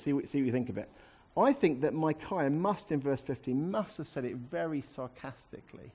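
A man preaching an expository sermon, conversational and animated, acting out scripture passages. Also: fairly high pitch, husky.

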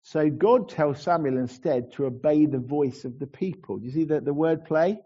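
Husky, mellow-voiced man preaching a sermon. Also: fairly high pitch, moderate pace. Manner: conversational, with frequent restarts and acted asides. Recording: dull lo-fi sound.

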